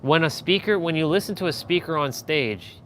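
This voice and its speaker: A man's voice: on the high side, animated, fairly quick, a bit bright, slight background noise. A man hosting a live stream and giving casual feedback on speaking. He talks loosely with many fillers and restarts, and pushes his voice up and down to demonstrate. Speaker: live stream host coaching a viewer on speaking.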